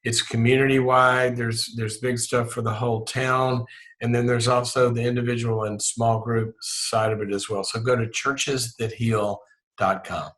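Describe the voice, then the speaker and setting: A man from Mississippi with a Southern US accent, a guest on an interview podcast, talking in an animated way that often restarts and repeats words. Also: medium pitch, moderate pace. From Mississippi, USA. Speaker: guest psychologist and leadership author. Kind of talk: podcast interview and spoken prayer.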